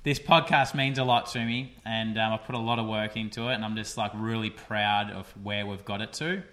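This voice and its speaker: A man's voice: lowish voice, fairly even intonation, brisk, pushed and bright. A young man hosting a casual podcast, chatty and rambling with lots of fillers. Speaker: podcast host. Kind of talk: casual solo podcast chat.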